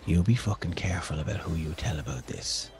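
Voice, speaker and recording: A frantic woman poison seller in a tabletop game, her voice climbing high and swinging all over as she pleads and swears. She turns on a low, profane snarl when she feels cornered. Faint music plays under her. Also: big pitch swings, fairly quick. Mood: hissed threat.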